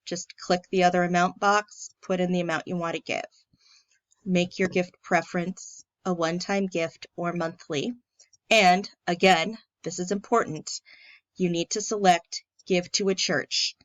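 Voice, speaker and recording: A woman's voice: lowish voice, steady tone, measured pace, no echo, highs cut off. Lady friendly woman walking through steps. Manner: friendly, plain step-by-step walkthrough with filler ums. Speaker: church staff member. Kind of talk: casual screen-recorded tutorial.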